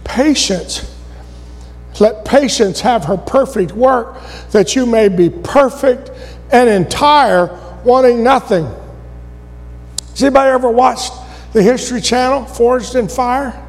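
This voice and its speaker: A man preaching a sermon to a congregation, rising to impassioned shouts and falling back to low, quiet asides. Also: slow, long pauses. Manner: impassioned, builds to shouting then drops low. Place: church. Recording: long reverb of a church hall.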